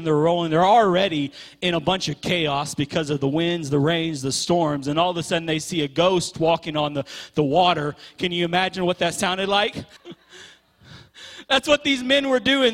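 A man preaching a sermon with passion, stretching key words and repeating phrases for emphasis. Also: fairly high pitch.

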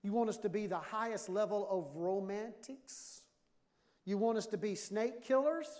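A man in his fifties preaching a sermon with humor, animated and jokey, acting out little dialogues. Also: high-pitched. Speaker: pastor. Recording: long hall reverb.

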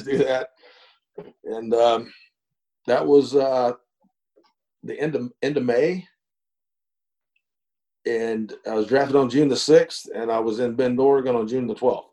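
Mellow-voiced storyteller. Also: male voice, mid-range voice, poor audio. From East Texas. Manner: unhurried, folksy yarn-spinner with frequent fillers and chuckles. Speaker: guest, former pro baseball pitcher. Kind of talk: casual storytelling interview.

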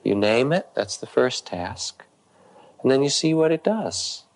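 A man, a meditation teacher, telling a story in a soft-spoken, unhurried way with pauses between short phrases. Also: mid-range voice, expressive, poor audio. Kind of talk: storytelling dharma talk.

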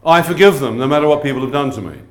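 A male preacher with a medium-pitched, expressive voice races through a humorous testimony sermon. He constantly quizzes the crowd with questions, and the echoey hall gives it a roomy church sound.

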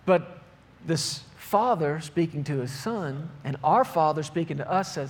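A man's voice: fairly high pitch, lively intonation, measured pace, slight background noise. A man preaching a sermon, reading scripture aloud and driving points home with emphatic repetition. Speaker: pastor.

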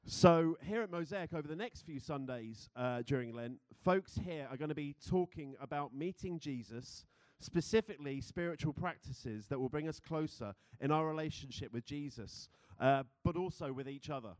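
A man's voice: a little high, moderate pace, few pauses, darkish tone, no room sound, clean studio sound. Playful British man preaching. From Britain. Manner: playful, chatty, laughing easily. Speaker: pastor. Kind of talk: sermon with a group game.

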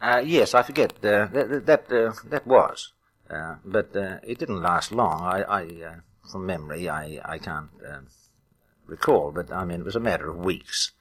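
An older man with a very deep voice tells his memories at an unhurried pace. He stops often with "uh" and "um" as he searches his memory. It sounds like an archival oral history interview. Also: fairly bright tone. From Australia. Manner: halting, many "uh" fillers, reminiscing. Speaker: retired airline pilot, interviewee.

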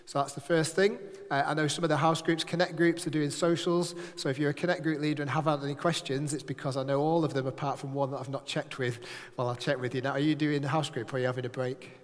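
A man's voice: fairly high pitch, steady tone, fast. A man leading a church service, giving notices in a chatty, joking, rambling way to a live congregation. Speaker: church leader. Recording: echoey hall.

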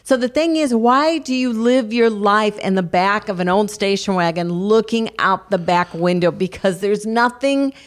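An older woman speaks with earnest, encouraging warmth, weaving family anecdotes into spiritual advice. Her voice sits at an ordinary middle pitch for a woman. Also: normal speed, few pauses. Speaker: co-host of a Christian talk show. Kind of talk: devotional encouragement.

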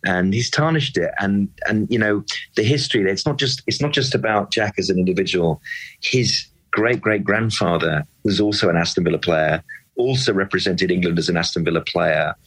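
A man with a very low, husky voice holds forth with real passion, driving his points home and circling back for emphasis. He sounds like a lifelong fan arguing his case in a relaxed discussion. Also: low-quality recording. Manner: animated, emphatic, repeats words when worked up. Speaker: football pundit and club fan. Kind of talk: impassioned casual discussion.

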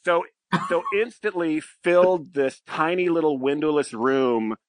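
A middle-aged man, a pilot and podcast guest, telling a crude story in a casual, animated way and tagging lines with "right?". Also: a little high, measured pace, no echo.

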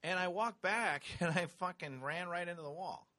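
A man in casual chat, telling stories with lots of profanity, laughter and shouted re-enactments. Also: high voice, normal speed, no room sound.

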